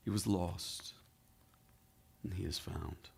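Man playing a gentle loving father, soft, slow, pleading. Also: high voice, very animated, voice pushed up, exaggerated voice. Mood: tender. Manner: tender, slow, softening.

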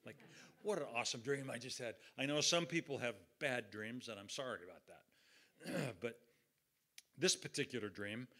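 A man's voice: mid-range voice, a bit bright. A middle-aged man preaching a sermon in a folksy, conversational storytelling way. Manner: folksy, conversational, acts out quotes. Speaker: pastor.

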